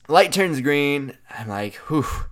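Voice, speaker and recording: A young man casually telling an animated story, chatty and full of "like" fillers. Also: medium pitch, normal speed, clear, resonant tone.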